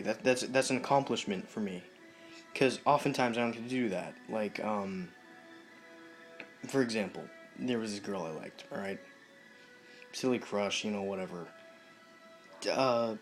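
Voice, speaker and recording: A young man with a lowish voice talks straight to the camera, hesitant and halting, stopping and restarting his sentences often. Faint music plays quietly behind him. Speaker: vlogger. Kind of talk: casual talk to camera.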